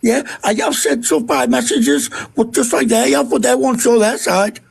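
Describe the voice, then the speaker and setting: A man's voice: very high-pitched, normal speed, creaky, breathy edge. A middle-aged man arguing defensively on a live stream, swearing and insisting he is telling the truth. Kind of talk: heated live-stream argument.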